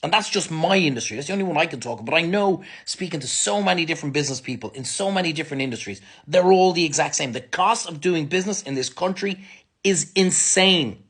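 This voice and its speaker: Heated Irish man with a lively voice. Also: a little high, fast talker. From Ireland. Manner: angry, blunt and sweary. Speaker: restaurant business owner. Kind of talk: ranting vlog monologue to camera.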